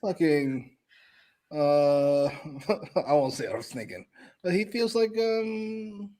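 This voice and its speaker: A man with a slightly husky voice co-hosts a wrestling review in casual chat. His pitch swings widely as he gives sarcastic, opinionated takes, and he swears freely. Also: very animated, a little slow, a little mellow.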